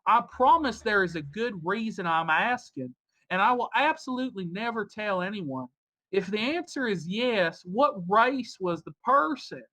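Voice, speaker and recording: Casting: insistent man in a put-on Southern drawl, read by a man, bright edge. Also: sits high, expressive, moderate pace, voice pushed up, heavily acted. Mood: wheedling. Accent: put-on American Southern. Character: pushy grown man coaxing a woman in chat.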